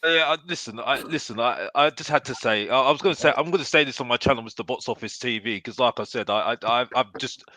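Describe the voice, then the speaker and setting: A man talking casually about football, animated and constantly tacking on "yeah?". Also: medium pitch, quick pace, few pauses, no echo. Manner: animated, keeps adding "yeah?". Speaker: football podcast guest. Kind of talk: casual chat.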